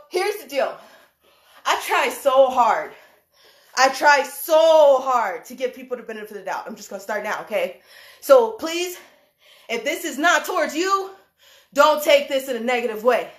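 A woman hosting a heated live stream rant from a room indoors. She is animated and emphatic, laughs often, swears, and repeats her points. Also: sits high. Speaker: livestream host, dance choreographer. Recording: echoey room.

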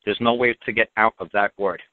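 A man's voice: on the low side, fairly even intonation, fairly quick, no room sound. A man hosting a call-in radio show, talking bluntly and emphatically and repeating his points. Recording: dry, tinny phone-like audio.

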